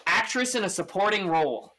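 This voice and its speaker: A man's voice: sits high, expressive, a little fast, pushed and bright. A man hosting a podcast, chatting casually about sports with lots of fillers and restarts. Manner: rambling, full of fillers and restarts. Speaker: podcast host.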